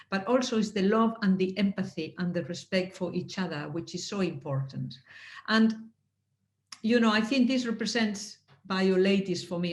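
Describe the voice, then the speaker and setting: A woman giving heartfelt closing remarks on a video call, earnest and halting, with many restarts and moments of emotion. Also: medium pitch. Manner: emotional, laughing softly. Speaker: speaker at a network anniversary. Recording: roomy echo.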